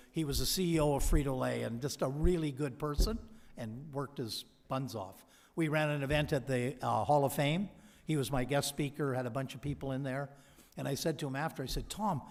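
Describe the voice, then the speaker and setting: A man giving a convocation speech from a podium, telling stories and quoting people he met. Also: mid-range voice. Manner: storytelling, quoting others. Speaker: convocation speaker. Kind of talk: ceremonial speech with anecdotes. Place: large hall. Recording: long hall reverb.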